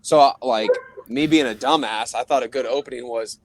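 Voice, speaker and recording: A young man co-hosting a podcast in casual chat, rambling through a profane story and laughing as he goes. His voice sits at an everyday middle pitch. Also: a little fast, a little hiss or hum. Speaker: podcast co-host.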